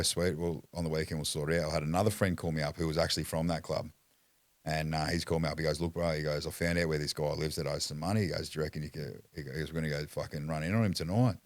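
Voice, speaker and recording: Deep-voiced blunt Australian man. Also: no echo. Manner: blunt, swears freely, laughs while telling stories. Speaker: podcast guest. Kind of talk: casual storytelling.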